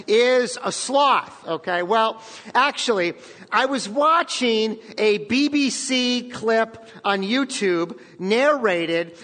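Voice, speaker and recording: A man's voice: high voice, fairly bright tone. A man preaching a sermon as pastor, talking conversationally and often checking in with the congregation. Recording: long reverb of a large hall.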